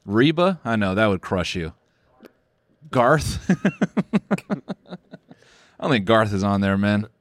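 A man chats loosely on a podcast, swinging his pitch up and down as he riffs through sarcastic jokes. He laughs often between lines, and his voice sits dry and close to the mic. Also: big pitch swings, slow pace, pauses often, dry recording. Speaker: podcast host. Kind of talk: casual comedic podcast chat.

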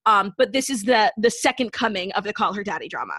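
A woman's voice: mid-range voice, animated, fast talker, pushed and bright, no echo. A young woman co-hosting a podcast in casual chat, opinionated and blunt, swearing offhand. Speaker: podcast co-host.

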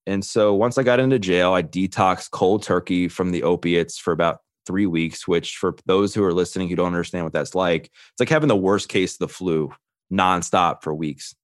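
A man's voice: deep voice, normal speed, no room sound, clean studio sound. A man in his thirties, a podcast guest, telling his own story earnestly and quoting the people in it. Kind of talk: candid storytelling.

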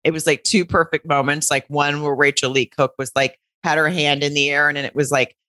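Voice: medium pitch, flat delivery, a little fast, pushed and bright, dry recording. A podcast co-host in casual chat, enthusiastic and loose, swearing and laughing easily.

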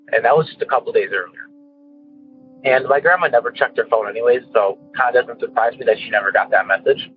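A man from Illinois rambles through a story over a tinny phone line with faint music underneath. His voice is husky and a little breathy. He keeps the telling loose and casual, padded with "uh" and "anyways". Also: mid-range voice, a little fast. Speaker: caller. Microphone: telephone.

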